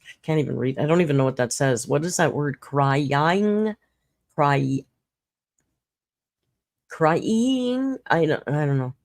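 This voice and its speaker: Low-voiced woman chatting on a livestream. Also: fast talker, creaky, a little mellow, dry recording. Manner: chatty, laughs often, reads chat aloud. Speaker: livestream host. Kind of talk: casual livestream commentary.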